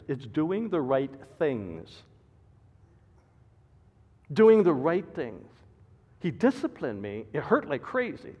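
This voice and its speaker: Older male preacher, high animated delivery, dull echoey church recording. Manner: preaching with sudden loud emphatic bursts and soft asides. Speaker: pastor. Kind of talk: sermon. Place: church sanctuary.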